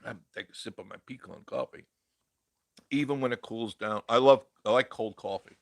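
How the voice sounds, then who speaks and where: A man's voice: medium pitch, normal speed, gravelly, no echo. A man hosting a casual live stream, reading viewer comments aloud and chatting in a rambling way, laughing often.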